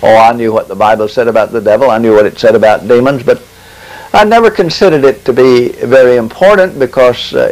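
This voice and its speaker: A man delivering a testimony sermon in a lively, animated voice that rises and falls widely. He preaches with drama, drawing out key phrases slowly and leaning on long pauses. His pitch sits in an ordinary middle range. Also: low-quality recording.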